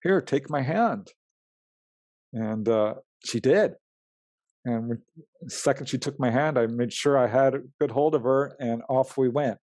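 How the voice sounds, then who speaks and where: A man's voice: medium pitch, normal speed, no room sound. Guy telling his out-of-body stories in a podcast chat, acts out the voices, dry close mic. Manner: animated, acts out quoted dialogue with laughs. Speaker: guest, UFO researcher and writer. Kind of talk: storytelling in an interview.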